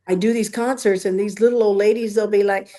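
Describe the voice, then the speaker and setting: A woman singer talks as a podcast guest. She rambles in an animated way, and her voice sits at an ordinary pitch for a woman. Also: a little fast. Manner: talkative, rambling, animated storyteller. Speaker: musician guest. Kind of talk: casual interview chat.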